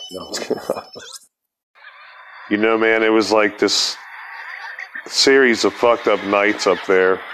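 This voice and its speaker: A man's voice: lowish voice, fairly bright tone, a little hiss or hum, low-quality recording. A man telling a rambling, profane story as a podcast host, laughing as he talks. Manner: laid-back, profane, laughs through story.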